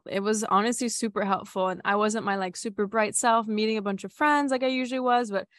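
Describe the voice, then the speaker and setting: A woman's voice: mid-range voice, fairly even intonation, fairly quick, a bit bright, no room sound. A young woman who leads retreats, telling a personal story in a candid, casual way, full of "like" and casual swearing. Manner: candid, filler-heavy with frequent "like", swears casually. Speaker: retreat facilitator.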